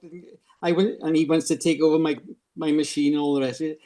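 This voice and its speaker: Mellow older man telling anecdotes. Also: on the high side, steady tone. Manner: halting, repeats words, enjoys telling anecdotes. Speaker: regular of the group chat. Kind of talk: casual chat among friends.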